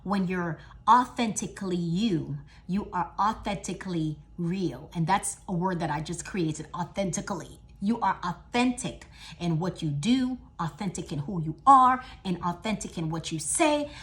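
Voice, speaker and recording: Woman motivational speaker, middle-aged, emphatic, keeps repeating herself, goes loud then hushed. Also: lowish voice, animated, moderate pace, hardly any pauses. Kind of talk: motivational talk.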